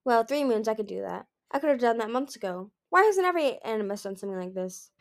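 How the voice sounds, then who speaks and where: A woman voicing an eager, trusting young female dragon in a storybook reading, excited and high. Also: fast. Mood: giddy.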